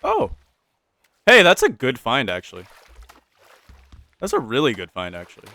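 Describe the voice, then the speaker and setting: A man's voice: medium pitch, wildly swooping pitch, normal speed, pushed and bright. A young man casually commentating a survival game, playful and joking, talking to the game's characters. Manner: playful, talks to game characters, jokey pirate voices. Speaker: gameplay commentator.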